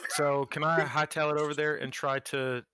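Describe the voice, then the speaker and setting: A man playing a tabletop game who asks questions eagerly and excitably. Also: fairly high pitch, normal speed, clean tone. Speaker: player. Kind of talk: casual game chat.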